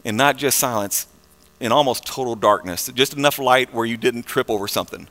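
A man preaching a sermon in a conversational, animated way, with frequent fillers and restarts. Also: mid-range voice, a little fast, long reverb tail.

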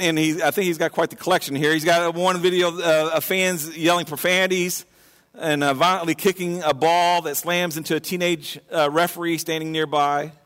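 A man preaches in a loose, animated style, often restarting his phrases. His voice sits fairly high for a man, and his words trail off into the long reverb of a large hall. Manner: conversational and animated, many restarts. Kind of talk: sermon.

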